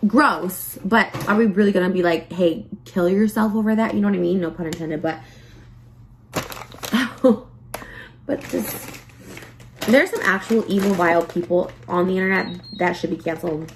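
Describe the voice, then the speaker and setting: A woman's voice: lowish voice, normal speed, a little hiss or hum. Profane, heated woman ranting on a podcast. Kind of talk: emotional podcast rant.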